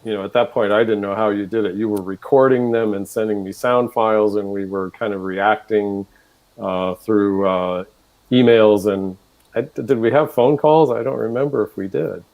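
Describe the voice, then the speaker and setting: A man, a composer, chatting on stage about writing a piece, halting and searching for words. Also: fairly low pitch, steady tone, darkish tone, low-quality recording. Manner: hesitant, full of fillers and restarts. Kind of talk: casual onstage chat.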